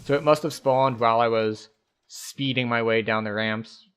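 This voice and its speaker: Game streamer, male, mid-pitched, easygoing running commentary that explains each move. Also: fairly even intonation, moderate pace, fairly bright tone, clean tone. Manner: thinks aloud, explains game mechanics at an easy pace. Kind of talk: casual gameplay commentary.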